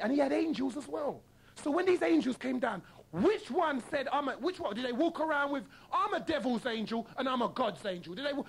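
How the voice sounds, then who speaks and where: A man's voice: extremely high pitch, husky. A man hosting a radio talk show, delivering a combative monologue full of rhetorical questions and blunt mockery. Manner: mocking, blunt.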